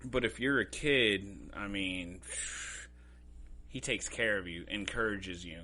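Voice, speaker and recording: A man's voice: lowish voice, slow, sharp tone. A man co-hosting a podcast in casual chat, rambling and swearing, often groping for words. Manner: rambling, profane, gropes for words. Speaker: podcast co-host.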